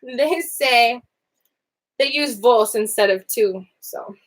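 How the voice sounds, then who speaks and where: A young woman teaching a language lesson in a lively, expressive way, laughing often and jumping up in pitch on example phrases. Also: slow. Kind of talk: animated lesson to camera.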